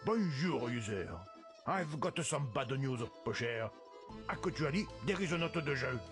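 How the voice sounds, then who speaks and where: An actor voicing a polite, theatrical program in a video game. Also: male voice, mid-range voice, expressive, unhurried, close to an everyday voice. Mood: breezy. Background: game music.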